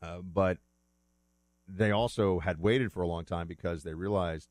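A man's voice: deep voice, measured pace, darkish tone, no room sound. A man talking casually as a host, rambling and correcting himself as he goes, with the odd chuckle. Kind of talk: casual monologue.

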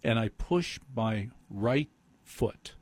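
Husky man telling a comic story. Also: lowish voice, animated, no echo. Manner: rambling, self-mocking, quick asides. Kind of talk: comedic storytelling monologue. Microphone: close mic he adjusts himself.

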